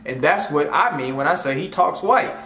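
A man's voice: fairly high pitch, animated, moderate pace, a bit bright, slight background noise. A man hosting his own commentary video, talking bluntly and scornfully in a rambling, casual way. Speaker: commentary channel host. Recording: echoey room with faint music.

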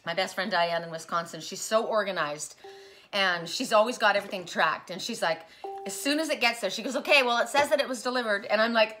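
A woman chatting excitedly as she unboxes gifts in a casual vlog, gushing over each one. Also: mid-range voice, brisk, a little hiss or hum. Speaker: spiritual vlogger unboxing gifts.

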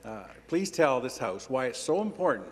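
A man's voice: mid-range voice, very animated, moderate pace. A man in a legislature reading a formal prepared question to a minister. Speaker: member of the legislature. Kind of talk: parliamentary question. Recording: reverberant legislative chamber.

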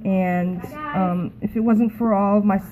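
A woman talking to a phone camera in an emotional, halting way, often repeating herself. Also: medium pitch, steady tone, narrow, tinny audio, a little hiss or hum. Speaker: network marketing team member. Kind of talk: emotional casual talk to camera.

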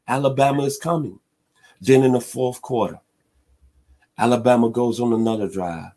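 Animated male sports radio storyteller. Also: medium pitch. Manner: animated storyteller who chants crowd cheers and hums band tunes. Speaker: sports talk radio host. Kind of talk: dramatic retelling of a football game.

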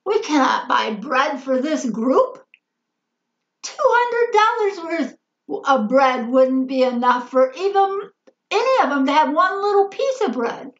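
A man's voice: extremely high pitch, sing-song, slow, gravelly, fairly bright tone, heavily acted. A woman voicing a fretful male disciple. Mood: exasperated. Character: worried male disciple doing sums. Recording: roomy, slightly dull recording.

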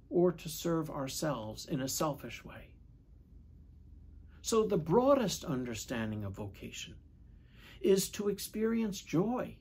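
A man, a priest, giving a measured, reflective Sunday homily and asking questions of his listeners. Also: mid-range voice, a little mellow, slightly rough. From United States.

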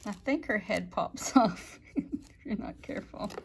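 A woman filming a casual family vlog, chatting gently and talking softly to her children. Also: medium pitch, animated, unhurried, gravelly, slight background noise. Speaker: family vlogger. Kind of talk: casual home video narration.

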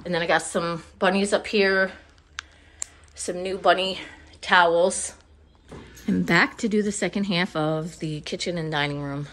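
A woman's voice: on the low side, steady tone, measured pace, long pauses, fairly bright tone. A woman giving a casual, rambling tour of her home decor, a little out of breath and apologetic, filmed on a handheld phone indoors. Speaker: home vlogger. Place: inside a house.

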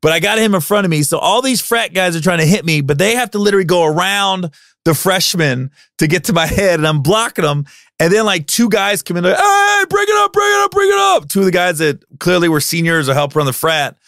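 A man in his forties hosting a podcast, telling a personal story in a casual, animated way and acting out what people said. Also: sits high, brisk, dry recording, clean studio sound. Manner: animated, acts out quotes in loud raised voices. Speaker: podcast host.

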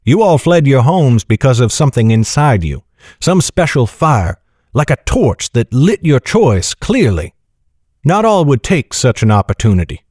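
A man voicing a grave, wise older knight who speaks in a measured, soft way. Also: medium pitch, breathy edge, no room sound, studio quality. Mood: grave, gentle. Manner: measured, calm, soft-spoken.

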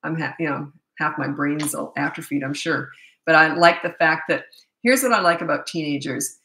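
A woman in her sixties hosts a live-stream Q&A as a parenting coach. Her voice sits fairly low but sounds bright and forceful. She talks in a chatty, candid way, wandering into asides, and her voice rings in a roomy, echoey space. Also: normal speed. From North America. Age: 60s. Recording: echoey room.

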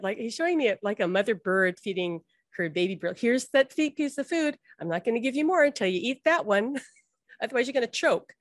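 A woman with a mid-range voice talks casually and warmly to her listeners about spiritual guidance. She is chatty, laughs often and fills her sentences with "like". The sound is dry and close, with no room echo. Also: mid-range voice. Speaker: spiritual teacher and channel. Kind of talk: casual talk to an audience.

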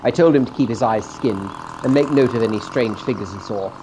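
A man's voice: mid-range voice, brisk, noisy background. A man reading the text of a story game aloud to a co-player, with casual asides, often stumbling over words and restarting. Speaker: let's play co-host reading the game text.

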